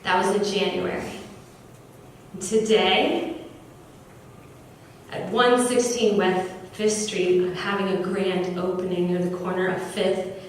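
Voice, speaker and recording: A woman founder giving an earnest, animated storytelling speech at an opening event. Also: lowish voice, slow pace, long pauses. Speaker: business founder. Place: large echoey venue at an opening event. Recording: echoey room from far off, faint noise.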